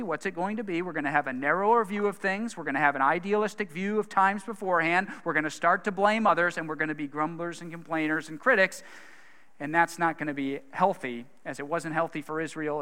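A man's voice: fairly high pitch, bright, forceful tone. A male pastor preaching a sermon in an earnest, conversational way, asking his listeners questions. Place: church hall. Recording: long hall reverb.

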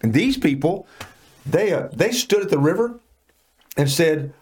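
A man co-hosting a relaxed Bible study. His slightly high voice swoops up and down a lot as he makes his points, and he speaks in an emphatic, folksy, preacherly way. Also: measured pace, husky. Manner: animated, emphatic, preachy, colloquial. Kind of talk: casual Bible discussion.

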